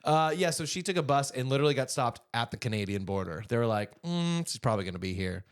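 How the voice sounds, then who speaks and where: A man's voice: mid-range voice, quick pace. A man co-hosting a comedy podcast, chatting casually and joking, with frequent playful asides. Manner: animated, jokey, slips into silly impressions. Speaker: podcast co-host.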